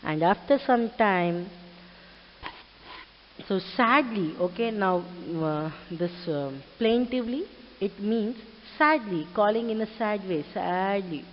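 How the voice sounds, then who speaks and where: Slow-talking woman teacher, echoey room. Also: mid-range voice, expressive, slight background noise. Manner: explains word meanings, checks with the class. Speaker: English teacher. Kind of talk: explaining a story to a class. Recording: dull lo-fi recording with long reverb.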